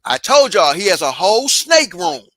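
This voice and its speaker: A woman's voice: fairly low pitch, big pitch swings, normal speed, fairly bright tone, dry recording. A woman hosting a reaction channel, commenting bluntly with heavy profanity and repeating her points.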